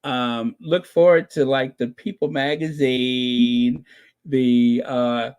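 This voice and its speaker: A man hosting his own channel, giving excited casual commentary, gleeful and laughing, who repeats his points over and over. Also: mid-range voice, slow, clean tone, muffled recording. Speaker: channel host reacting to royal news.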